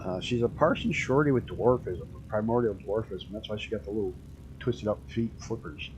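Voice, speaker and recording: A man's voice: fairly low pitch, moderate pace, highs cut off, a little hiss or hum. Laid-back rambling male streamer. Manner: laid-back rambling storyteller, swears casually. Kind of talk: casual chat while streaming a flight game.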